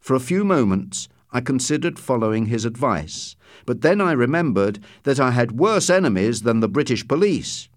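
Man narrating with a lively, dry voice. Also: mid-range voice, moderate pace, hardly any pauses, no room sound. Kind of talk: scripted audiobook narration.

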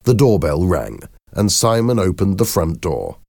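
A man narrating a storybook in a slow, expressive way. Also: low-pitched, creaky, no echo, studio quality. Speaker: audiobook narrator.

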